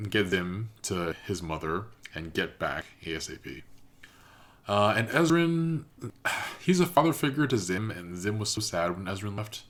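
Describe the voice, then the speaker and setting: A man's voice: low voice, a bit bright. A man hosting a reaction video, giving casual, thoughtful commentary and analysing what he has watched.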